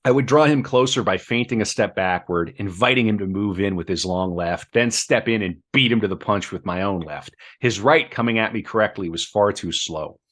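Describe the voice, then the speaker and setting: A man reading book passages aloud on a podcast, measured, with chatty asides between. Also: lowish voice, fairly bright tone.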